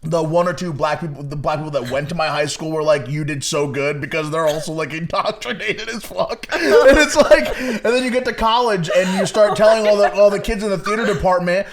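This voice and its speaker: A man's voice: a little high, fast, few pauses, a crowd in the background. A man from Connecticut, a stand-up comedian guest telling profane, laughing stories in a casual podcast chat. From Connecticut, USA.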